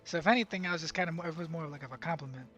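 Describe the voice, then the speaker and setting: A young vlogger rambles through a casual story from his job site, packed with fillers and false starts, and mentions he speaks Spanish at work. He talks very fast in a fairly bright voice a little high for a man, over faint music.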